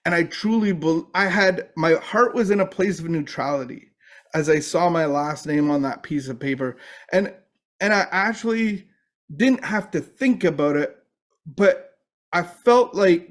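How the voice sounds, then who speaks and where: Man, middle-aged, personal testimony, slightly high-pitched, halting, many fillers. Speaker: recovery speaker.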